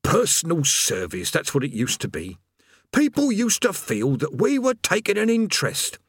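A put-upon male demon guarding hell's door, voiced by a man grumbles in a mournful, plain-spoken way. The voice sits noticeably higher than the reader's own and swings up and down in pitch. It is read close and dry, like an audiobook. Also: breathy edge, no room sound, full character voice. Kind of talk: audiobook character voice.

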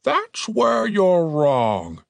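A smug male forest troll with a high, swooping voice, put on by a man reading an audiobook. He lectures slowly and mockingly, like a know-it-all. The recording is close and dry. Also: wildly swooping pitch, creaky, no echo, full character voice. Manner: pedantic, slow and mocking. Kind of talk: audiobook character voice.

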